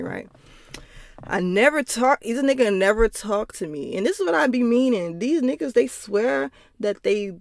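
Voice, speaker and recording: A young woman hosts her own podcast from home, rambling through personal stories in a casual, profane monologue broken up by laughing asides. Her mid-range voice is creaky and a little mellow. The sound is clean and studio-like, with no room sound.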